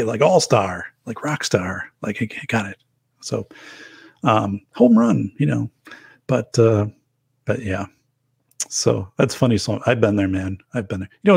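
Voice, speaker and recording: A man's voice: fairly low pitch, vocal fry, darkish tone, husky, no room sound, clean studio sound. A man hosting a podcast, telling stories in a rambling, casual way with frequent restarts and quoted asides. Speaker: podcast host and author. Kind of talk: casual conversational chat.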